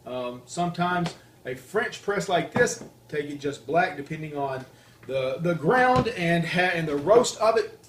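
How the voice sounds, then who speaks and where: A man's voice: fairly high pitch, animated, measured pace, roomy sound, slight background noise. A man with a Southern US accent, chatting casually as he explains each step of making coffee on his own show. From Deep South, US. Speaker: host, coffee reviewer. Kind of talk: casual demonstration chat.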